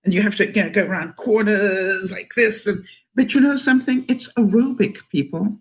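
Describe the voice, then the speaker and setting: A woman's voice: medium pitch, a little fast. An older woman from Canada, vlogging in a casual livestream chat, talking chattily, laughing often and reading viewer comments aloud.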